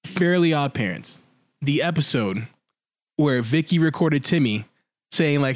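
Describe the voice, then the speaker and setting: A man co-hosting a podcast in casual, animated chat, swearing and acting out cartoon scenes. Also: fairly high pitch, measured pace, dry recording. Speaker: podcast co-host.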